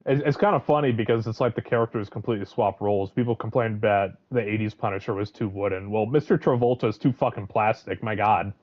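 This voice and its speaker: A man's voice: on the low side, quick pace, few pauses, dry recording. A man co-hosting a casual movie review chat, blunt, profane and wry. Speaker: co-host of a movie review show. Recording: dull lo-fi sound.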